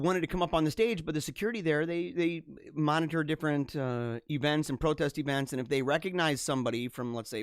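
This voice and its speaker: A man hosting a live stream, telling a long story off the cuff. His voice sits a little high for a man and sounds close and dry, with no room echo. He rambles and restarts often, then breaks into animated bursts. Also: clean tone. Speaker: livestream host. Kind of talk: casual storytelling monologue.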